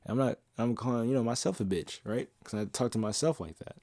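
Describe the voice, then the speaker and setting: Speaking a little fast with a darkish, medium-pitched voice, the young host rants casually and passionately on his podcast, blunt and profane. When he quotes song lyrics he half-sings them; the recording is dry.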